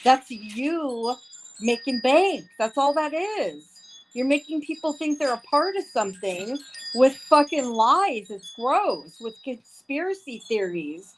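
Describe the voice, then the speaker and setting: Slow-paced and high-pitched with big swings in pitch, a woman rants angrily on a livestream, swearing and repeating herself over and over. The audio is poor, and faint wind chimes can be heard in the background.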